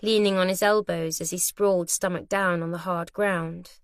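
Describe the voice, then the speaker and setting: A woman reading a thriller audiobook at a measured, steady pace. The recording is very dry and close, with no room sound. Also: on the low side, smooth, dry recording. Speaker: audiobook narrator. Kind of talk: scripted narration.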